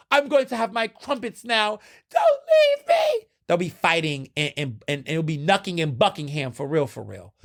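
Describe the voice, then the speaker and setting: A young man hosting his own podcast, chatting casually and dramatically, with sudden jumps up in pitch. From United States. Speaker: podcast host. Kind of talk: casual solo commentary.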